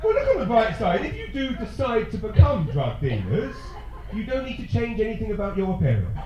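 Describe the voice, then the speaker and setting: A man's voice: sits high, wildly swooping pitch, brisk, highs cut off, heavy background noise. An English man doing stand-up comedy, brash and swearing as he teases the crowd, then chatting on the road as host. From England. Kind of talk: stand-up comedy and travel vlog. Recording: echoey, from far off, music behind.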